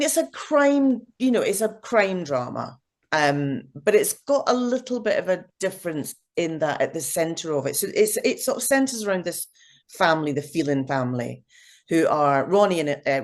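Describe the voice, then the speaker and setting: A middle-aged woman, an actress, chatting as an interview guest, full of fillers and restarts. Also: low-pitched. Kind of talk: casual interview chat.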